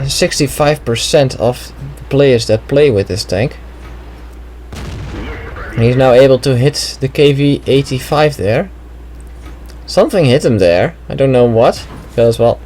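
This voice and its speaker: A man's voice: medium pitch, darkish tone, a little hiss or hum, rough recording. Casual man commenting on a game replay. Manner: casual, chatty, thinking aloud with many "well"s. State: slight throat trouble. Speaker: gameplay commentator.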